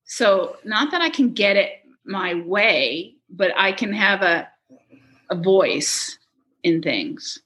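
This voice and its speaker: A middle-aged woman chatting in an interview, telling animated stories, laughing often and quoting people. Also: mid-range voice, slow. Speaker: guest, touring production manager. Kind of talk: casual interview chat.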